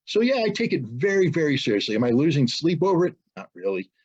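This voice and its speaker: American man, husky and fired-up, muffled webinar call audio, pressing rhetorical questions. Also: a little high, sing-song, fast talker. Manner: forceful, indignant, rises to loud rhetorical questions. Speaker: webinar guest speaker. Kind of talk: impassioned webinar talk. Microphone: video call.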